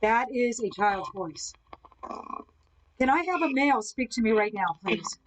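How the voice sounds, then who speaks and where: A woman hosting a live ghost hunting session, calmly asking the spirits questions from indoors at someone else's home. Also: a little high, a little slow, slight background noise, poor audio. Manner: calm, coaxing questions to spirits. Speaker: ghost hunter host.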